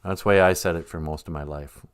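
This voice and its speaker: A man's voice: low-pitched, fairly even intonation, fast, clear, resonant tone. A man hosting a podcast in a casual comedic monologue, rambling and laughing often between jokes. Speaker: podcast host.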